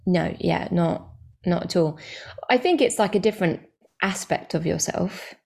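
A woman stand-up comedian chatting as an interview guest, talkative and quick to correct herself, with lots of fillers. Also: on the low side, creaky, a little mellow. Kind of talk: casual interview chat.

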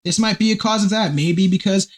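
A man hosting a podcast in casual chat, rambling and excitable and swearing a lot. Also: high voice, brisk, low-quality recording. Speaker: podcast host.

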